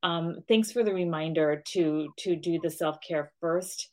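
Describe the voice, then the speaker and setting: A woman's voice: low-pitched, unhurried. Earnest woman in casual podcast chat. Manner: emotional, earnest, with restarts. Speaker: guest, business owner.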